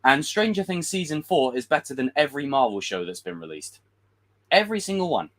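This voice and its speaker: A man's voice: mid-range voice, very animated, brisk, fairly bright tone. A man giving a casual, frustrated livestream rant as a film commentator, swearing and acting out quotes.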